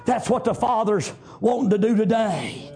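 A man preaching a fervent sermon, rising to shouts and punctuating with amens. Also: high voice, normal speed, vocal fry, husky.

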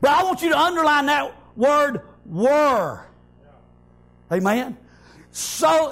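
Male preacher, very high-pitched, fiery sermon delivery, shouts in bursts, rhythmic amens. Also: big pitch swings, takes it slowly, pauses often. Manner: shouting, rhythmic, repeats praise God and amen.

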